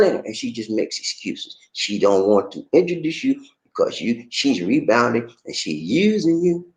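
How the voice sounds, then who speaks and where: A man host giving casual relationship advice, animated and repetitive, talking straight to the viewer. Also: medium pitch, normal speed, reverberant, rough recording.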